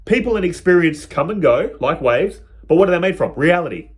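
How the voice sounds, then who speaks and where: Lively, animated man explaining spirituality. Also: high-pitched. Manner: earnest, lively, lists words slowly. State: out of breath. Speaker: spiritual video host. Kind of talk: casual spiritual talk to camera.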